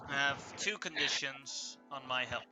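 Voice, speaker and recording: A man voicing a proud king of an island of exiles who negotiates firmly, halting on fillers. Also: medium pitch, over music, lightly acted. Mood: negotiating. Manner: bargaining firmly with hesitant fillers.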